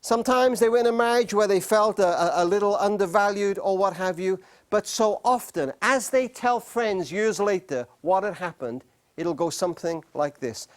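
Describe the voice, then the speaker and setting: This is a man giving a talk to a live studio audience, and his voice rises and falls in a very lively way. He tells stories dramatically, slows down to repeat key phrases, and sinks almost to a whisper to make a point. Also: high-pitched. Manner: dramatic storyteller, drops to near-whispers for emphasis. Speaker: speaker on marriage.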